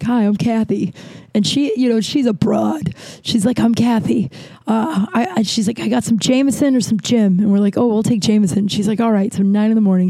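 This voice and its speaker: A woman's voice: mid-range voice, dark tone, dry recording. A woman hosting a podcast, telling a rambling story in a casual chat with lots of restarts and fillers. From Los Angeles. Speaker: podcast host.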